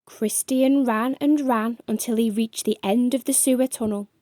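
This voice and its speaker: A woman reads a children's bedtime story aloud in a gentle, expressive voice. Her voice sits high. The recording is dry and close. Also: moderate pace, no room sound. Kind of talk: reading a children's book aloud.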